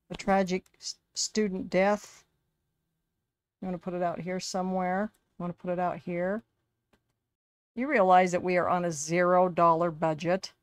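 A woman's voice: lowish voice, fairly bright tone. A woman giving casual, chatty commentary over her life-sim game, talking to her characters like a fussing parent. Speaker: gaming video creator.

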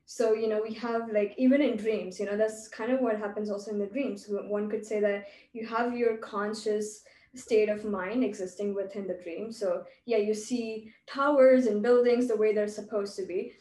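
A woman's voice: medium pitch, fairly even intonation, normal speed, hardly any pauses, dark tone. A woman hosting a podcast, talking in a thoughtful, musing, academic way. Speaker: podcast host. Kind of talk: casual chat. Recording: echoey, distant from the mic.

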